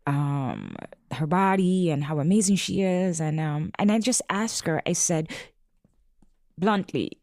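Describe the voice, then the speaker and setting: A woman speaking earnestly in a casual podcast conversation, pausing thoughtfully with fillers as she tells a family story. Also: low voice, big pitch swings, a little mellow, no echo, studio quality. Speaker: podcast guest, parent.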